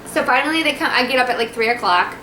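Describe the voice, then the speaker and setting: High bright chatty woman in an echoey room. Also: quick pace, slight background noise. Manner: chatty, animated, acts out dialogue. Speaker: vlogger telling her birth story. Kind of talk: casual storytelling to camera. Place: at home. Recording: echoey room, faint ambience.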